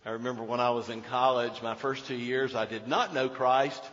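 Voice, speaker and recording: A man preaching a sermon as pastor, animated, moving between loud emphasis and hushed storytelling. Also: mid-range voice, moderate pace. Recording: dull sound in a reverberant hall.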